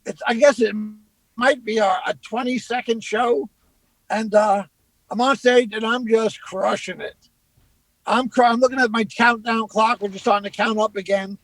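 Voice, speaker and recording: High-voiced storytelling comedian. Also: male voice, moderate pace, no room sound, rough recording. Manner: animated anecdote-telling, acting out quotes. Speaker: comedian guest. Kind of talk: casual storytelling.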